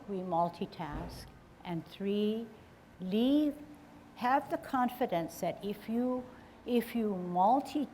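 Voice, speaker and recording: A woman's voice: medium pitch, darkish tone, a little hiss or hum. A woman teaching a tai chi class, summarizing the steps one by one in an encouraging, instructive way.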